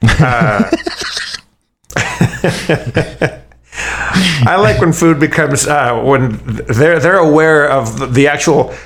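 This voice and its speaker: A man's voice: on the high side, extremely slow, pauses often, a little hiss or hum. Rambling, profane man chatting. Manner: rambling, profane, many restarts. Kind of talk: casual chat.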